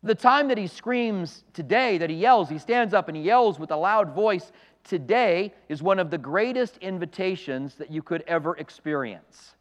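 A man's voice: sits high, expressive, moderate pace, long reverb tail. A man preaching a sermon as a pastor, emphatic and conversational, with asides to the congregation. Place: church sanctuary.

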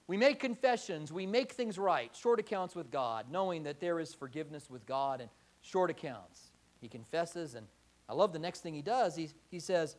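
A man preaching a sermon, acting out quoted prayers in lively voices. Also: on the high side, normal speed. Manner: animated, acts out quoted prayers. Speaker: pastor.

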